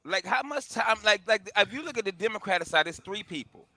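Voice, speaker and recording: A man's voice: high voice, animated, fairly quick, vocal fry, bright, forceful tone. A man co-hosting a comedy radio show, loosely steering the group's banter with questions. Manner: loose, self-aware, tosses out questions to the group. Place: radio studio.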